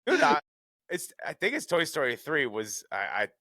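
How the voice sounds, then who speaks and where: A man with a high, bright voice that bounces all over as he cracks sarcastic jokes. It sounds close and dry, like a guest riffing in a casual podcast chat. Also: wildly swooping pitch, moderate pace, dry recording.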